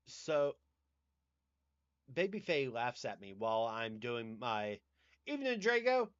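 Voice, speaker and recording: Slow-talking Southern US man. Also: mid-range voice, expressive, smooth, no room sound, highs cut off. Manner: rambling, swears casually. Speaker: livestream host. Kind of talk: casual chat.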